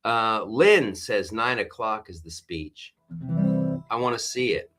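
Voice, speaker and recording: A man's voice: on the low side, takes it slowly, sharp tone, soft background music. A man hosting a live stream, talking politics in a rambling, exasperated way with many restarts while reading viewer comments. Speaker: host.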